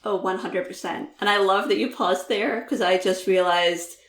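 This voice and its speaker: A woman's voice: mid-range voice, fairly even intonation, moderate pace, a bit bright, reverberant. A woman guest author talking candidly in a podcast interview, laughing easily, with lots of "like" and "um".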